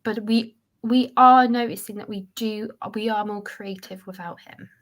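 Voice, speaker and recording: A woman's voice: mid-range voice, fairly even intonation, moderate pace. A woman on a casual fan panel, chatty and self-mocking.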